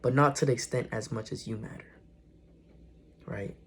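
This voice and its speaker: A man's voice: medium pitch, fairly even intonation, normal speed, breathy edge. A young man vlogging casual spiritual encouragement, earnest and slangy, often repeating and correcting himself. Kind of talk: casual motivational talk to camera.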